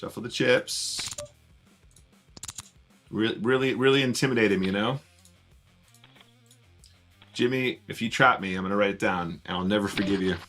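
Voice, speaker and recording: A man's voice: fairly low pitch, steady tone, brisk, pauses often, fairly bright tone, faint music behind. A man casually commentating his online poker play on a live stream, chatting with viewers as he goes. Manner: chatty, greets viewers while playing.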